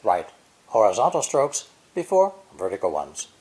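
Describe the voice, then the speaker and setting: A man giving a scripted language lesson, explaining each point clearly and repeating sample syllables slowly. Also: on the low side, wildly swooping pitch, a little mellow. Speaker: language teacher. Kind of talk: scripted educational narration.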